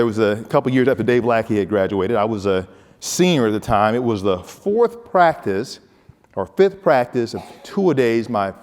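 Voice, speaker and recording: In a large hall, a medium-pitched man who once played football delivers a funny motivational keynote, spinning stories and addressing the audience head-on.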